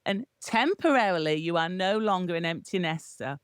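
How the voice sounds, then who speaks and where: A woman in her forties co-hosts a podcast. She teases her co-host in a playful way, and her pitch rises and falls a great deal. The sound is close and dry. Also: animated, moderate pace, clean tone, no room sound. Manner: teasing, playful. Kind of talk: casual chat.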